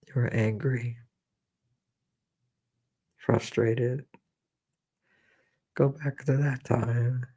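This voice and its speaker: A man leading a guided meditation, speaking slowly and repetitively as he coaxes listeners through feelings and shares his own memories. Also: medium pitch, fairly even intonation, husky. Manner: slow, repetitive, gently coaxing with personal memories. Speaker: meditation teacher.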